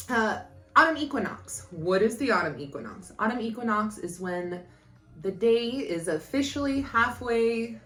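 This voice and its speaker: A woman's voice: medium pitch, a bit bright, echoey room. A young woman hosting a casual vlog, bubbly and chatty, drifting into tangents and correcting herself. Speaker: yoga and witchcraft YouTuber.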